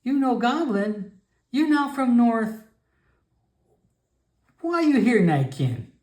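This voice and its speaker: A man's voice: very high-pitched, big pitch swings, takes it slowly, a little mellow, pitched above the performer's own voice, exaggerated voice. A man voicing a stern old female frog-folk shaman who scolds in broken, clipped speech. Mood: scolding. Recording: echoey room.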